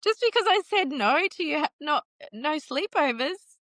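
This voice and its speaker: A woman recounting a painful personal story in an interview, halting and restarting, with nervous laughs. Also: high voice, big pitch swings, a bit bright, no echo. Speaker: guest telling her story.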